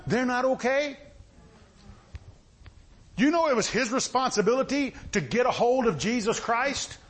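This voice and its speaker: A husky man preaches with a high, lively voice that swings widely up and down. He delivers an impassioned sermon, building to loud, urgent bursts. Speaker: pastor.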